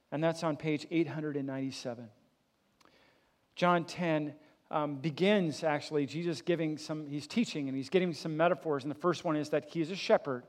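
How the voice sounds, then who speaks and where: A man preaching a sermon as pastor, swelling louder for emphasis and dropping low and soft, with casual rhetorical questions.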